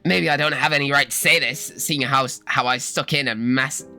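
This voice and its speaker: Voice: medium pitch, moderate pace, pushed and bright, faint music behind, voice pushed down. A streamer doing a remorseful warrior servant. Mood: rueful. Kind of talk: reading game dialogue aloud.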